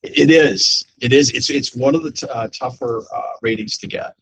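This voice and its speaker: A man instructing a class in a casual, halting way with many fillers. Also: mid-range voice, creaky, a bit bright, poor audio.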